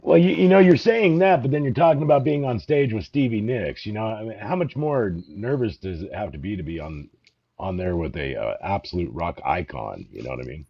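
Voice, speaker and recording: A man's voice: lively intonation, a little fast, no echo. A man hosting a casual interview, mostly answering with short affirmations and asking the odd question. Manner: brief affirmations and laughs. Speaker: host. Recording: dry, dull low-fi audio.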